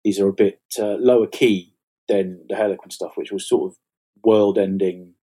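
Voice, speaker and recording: A man's voice: lowish voice, fairly even intonation, normal speed, warm tone, husky. Chatty man telling stories. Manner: chatty, self-mocking, laughs at his own stories. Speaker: fantasy author guest. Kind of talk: casual interview chat.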